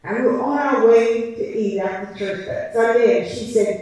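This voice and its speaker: A woman's voice: fairly high pitch, normal speed, hardly any pauses, mellow. A woman giving an impassioned church testimony as a licensed preacher, with a preaching cadence and emphatic repetition. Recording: echoey church from a distance.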